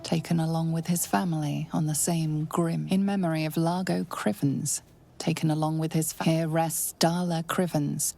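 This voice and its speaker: A woman voicing a dry game narrator who reads grave inscriptions in a deadpan, unimpressed way. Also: sits low, normal speed, gravelly. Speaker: game narrator reading tombstones.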